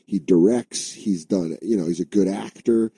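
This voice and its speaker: A man's voice: deep voice, moderate pace, vocal fry, mellow, husky, no echo. A man co-hosting a comedy podcast, riffing loosely in casual chat and slipping into goofy voices. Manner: riffing, doing silly mock voices. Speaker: podcast co-host.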